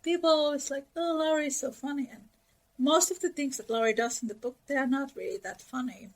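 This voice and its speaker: A woman co-hosting a book podcast, sharing animated, opinionated views. Her voice sits notably high. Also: fairly quick, poor audio. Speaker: podcast co-host. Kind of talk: casual book discussion.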